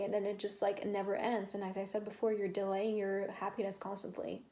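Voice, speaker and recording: A woman's voice: mid-range voice, level tone, normal speed, mellow. Chatty woman rambling through a tarot reading. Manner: chatty, rambling, many fillers and restarts. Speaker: tarot reader. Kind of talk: casual tarot reading to camera.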